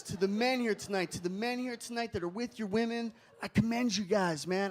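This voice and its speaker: A young man doing a stand-up comedy routine on a club stage, animated and shouting his punchlines. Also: sits high. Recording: live club audience and room noise faintly behind.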